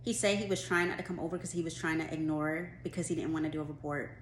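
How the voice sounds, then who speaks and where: A woman in her twenties telling a work story in a casual storytime vlog, animated and full of "like", acting out what others said. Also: deep voice, fast talker. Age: 20s. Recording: roomy room with faint background noise.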